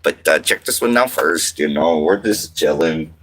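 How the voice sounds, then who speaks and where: A man's voice: extremely low pitch, lively intonation, normal speed, a bit bright. A man in his thirties from French Canada, chatting casually on a livestream, rambling and reading viewer comments aloud. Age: 30s. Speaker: livestream host.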